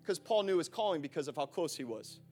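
Brief: high-pitched male pastor, casual and lively, faint music behind. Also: fast talker. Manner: animated, chatty, acts out scenes, asks the room questions. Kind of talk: sermon. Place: church.

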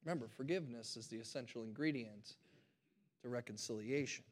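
A man preaching a sermon to his congregation, telling a story with animated energy and speaking directly to them. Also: mid-range voice, brisk. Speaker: pastor.

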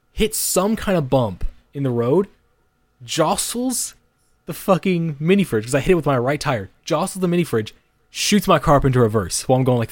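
Young male podcast co-host, mid-pitch voice, swears a lot, rambling, dry close sound. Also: no echo. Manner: rambling, heavy swearing, many restarts and "like" fillers. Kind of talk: casual storytelling.

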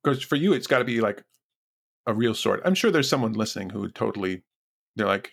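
A man's voice: fairly low pitch, expressive, a little fast, creaky, fairly bright tone, slightly rough. A man hosting a podcast interview in casual talk, hesitant and full of fillers. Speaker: podcast host.

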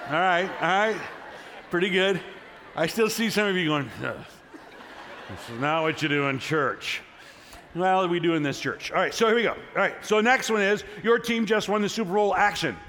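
A man's voice: high voice, fairly quick, a little hiss or hum. A middle-aged male pastor preaching a sermon in a church, telling a story in a casual way before rousing the congregation with energy. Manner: casual storytelling, then energetic crowd prompting. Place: church sanctuary. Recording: long hall reverb from a church.

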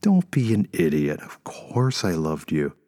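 A man voicing a desperate young mother who pleads and snaps with impatience, his voice rising high and strained. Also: wildly swooping pitch, unhurried, warm tone, long reverb tail, exaggerated voice. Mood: pleading. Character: desperate young mother, woman betraying former lover.

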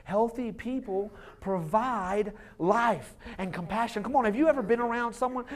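A lead pastor in his thirties gives a sermon in his church sanctuary, his voice sitting high at a moderate pace with hardly any pauses. He sounds relaxed and conversational, as if across a table, and uses short quoted voices to make his points.

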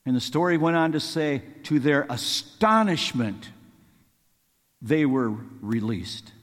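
A man's voice: on the high side, lively intonation, slow pace, big-room sound. A man preaching a sermon, earnest and rising to fervent pleading as he quotes scripture.

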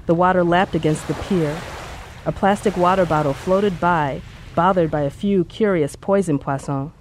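An audiobook narrator reading a story in a measured, steady way. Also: medium pitch, slight background noise. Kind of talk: scripted narration.

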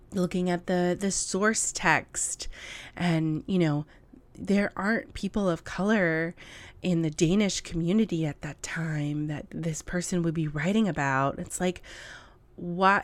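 A woman's voice: fairly low pitch, dry recording. A woman vlogger giving blunt, emphatic casual commentary to camera, with laughing asides.

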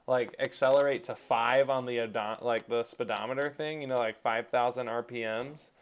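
A man co-hosting a casual podcast, ranting animatedly and swearing about slow traffic. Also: medium pitch, steady tone, clean tone. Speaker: podcast co-host. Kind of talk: casual chat.

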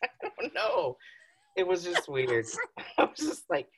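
Low-voiced giggly woman telling rambling stories. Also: very animated, unhurried. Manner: rambling storyteller, giggly, swears freely. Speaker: podcast co-host. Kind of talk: casual chat.

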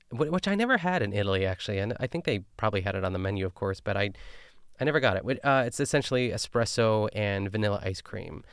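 A man's voice: fairly low pitch, clear, resonant tone, dry recording, studio quality. A man hosting a podcast, recapping a cooking show in casual, chatty talk full of fillers. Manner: chatty, filler-heavy, animated. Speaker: podcast host.

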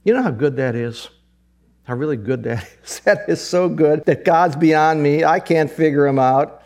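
A middle-aged man preaching a sermon, emphatic, repeating phrases and rising to high excited peaks. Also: normal speed. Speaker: pastor.

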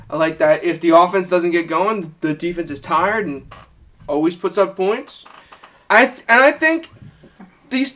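A man's voice: sits high, fairly bright tone. A man co-hosting a casual sports betting podcast, blunt, joking and profane. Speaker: podcast co-host.

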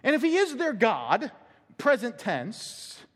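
A man's voice: extremely high pitch, wildly swooping pitch, takes it slowly. A man preaching a conversational sermon as pastor, acting out quotes and laughing along the way. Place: church sanctuary. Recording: long church hall reverb.

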